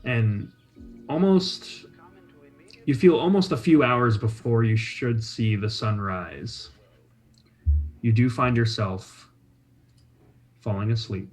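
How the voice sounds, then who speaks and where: A man narrating a tabletop game as game master, describing scenes in a measured, atmospheric way. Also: mid-range voice, rough recording. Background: faint soundtrack music.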